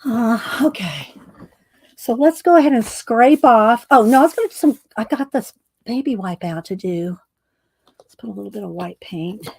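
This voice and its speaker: A woman's voice: fairly high pitch, normal speed, vocal fry, darkish tone, breathy edge. A middle-aged woman hosting a casual art livestream from her home craft room, chatting to viewers as she works. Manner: chatty, talks to viewers while working.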